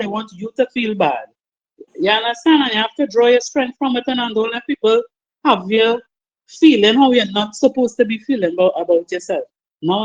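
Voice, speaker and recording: A woman sharing her story earnestly in a group discussion, often asking "you understand?". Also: on the high side. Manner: earnest, repetitive, laughs often. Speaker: participant. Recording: muffled lo-fi call audio.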